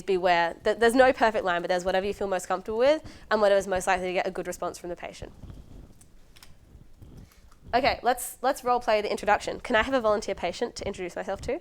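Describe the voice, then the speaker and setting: A medical student in her twenties gives a casual exam-prep lecture, chatty and full of ums and likes. Her mid-range female voice is fast and smooth.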